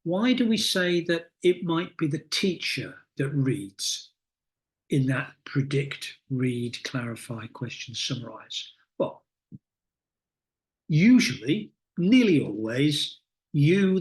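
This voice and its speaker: A middle-aged man coaching teachers in a recorded lesson, explaining reading techniques in a deliberate, instructive way with many pauses. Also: on the high side, very animated. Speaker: teacher trainer.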